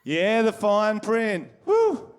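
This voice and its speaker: A man's voice: on the high side, normal speed, smooth. A man with an Australian accent doing crude, brash stand-up comedy and crowd work on a stage before a live audience. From Wollongong, Australia. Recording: live show with audience noise.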